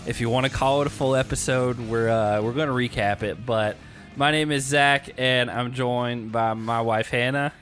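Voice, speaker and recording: A man hosting a podcast in relaxed casual chat, hesitant with fillers. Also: medium pitch, normal speed, soft background music. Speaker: podcast host.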